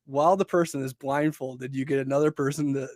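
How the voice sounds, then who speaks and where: A man's voice: medium pitch, fairly even intonation, brisk, a little mellow, dry recording, studio quality. A young man co-hosting a podcast in casual chat, full of fillers and laughing through lines. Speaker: podcast co-host.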